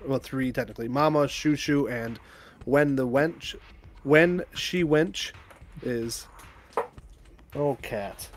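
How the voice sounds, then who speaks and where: A man acting as game master for a tabletop session, speaking at an unhurried, measured pace. He calls rolls, damage and rules in a matter-of-fact tone, breaking into easy laughing asides now and then. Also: medium pitch, a little hiss or hum. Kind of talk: running a tabletop game over a livestream.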